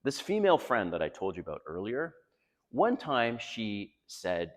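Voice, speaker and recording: Blunt middle-aged man with lively delivery. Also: fairly low pitch, normal speed. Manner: emphatic, blunt, profane, lecturing. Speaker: dating advice vlogger. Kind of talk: casual monologue to camera. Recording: long reverb in the room.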